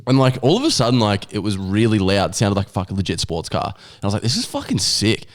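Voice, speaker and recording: A man's voice: on the low side, big pitch swings, fast talker. A young Australian man hosting a podcast, chatting bluntly and swearing freely. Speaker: podcast host. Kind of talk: casual podcast chat.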